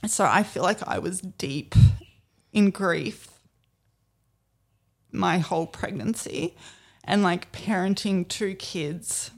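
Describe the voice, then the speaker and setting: Woman guest, unhurried, reflective storyteller, lowish voice. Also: vocal fry. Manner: slow, soft and reflective, with many fillers. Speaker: podcast guest. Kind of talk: personal storytelling in a casual chat.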